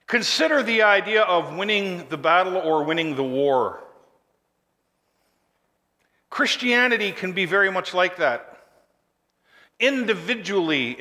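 A male pastor preaching a sermon, emphatic and building to forceful declarations, leading the congregation in call and response. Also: high voice, big-room sound.

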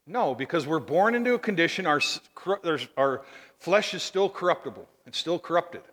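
Bright high-voiced preacher in a reverberant hall. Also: male voice, moderate pace. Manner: animated storytelling, with tag questions to the congregation. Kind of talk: sermon.

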